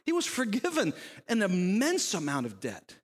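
A high-pitched pastor preaches at normal speed, relating a parable with lively storytelling. He acts out the characters' words and asks rhetorical questions, his voice lingering in a hall's long reverb.

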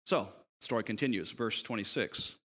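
A man's voice: fairly low pitch, fairly quick. A man preaching a sermon, telling a parable with rhetorical questions and acting out the characters' lines. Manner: animated storytelling, voicing characters in quotes, rhetorical questions. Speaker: pastor. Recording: long reverb of a hall.

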